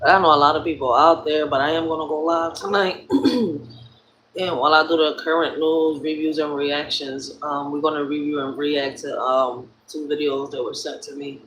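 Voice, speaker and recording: Hoarse Philly woman hosting a livestream. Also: deep voice, a bit bright, a little hiss or hum. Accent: Philadelphia. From Philadelphia. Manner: profane, blunt storytelling. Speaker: live stream host. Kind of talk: casual livestream chat. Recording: roomy echo.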